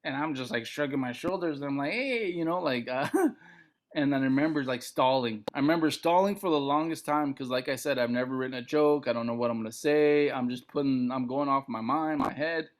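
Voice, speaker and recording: A middle-aged man from Montana, a comedian guest telling a story on a podcast, acting out other people's lines. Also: a little fast. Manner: animated, acts out other people's lines with big pitch jumps.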